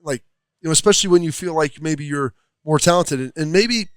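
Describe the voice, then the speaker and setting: A man's voice: on the high side, brisk, clear, resonant tone, no room sound. A man, a former football player, giving rambling, thoughtful casual sports talk in a restaurant studio. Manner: thoughtful, rambling, many fillers.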